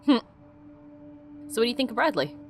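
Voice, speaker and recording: A woman's voice: a little high, big pitch swings, fairly quick, faint music behind. A woman giving casual let's play commentary, blunt and chatty, swearing freely.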